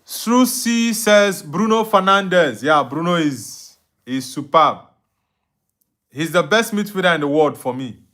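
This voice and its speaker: A man's voice: on the high side, lively intonation, a little slow, sharp tone. A young Nigerian man with an Igbo-accented English, hosting a live football watch-along, reading out viewer comments and answering them with frequent laughs. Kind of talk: live stream chat reading.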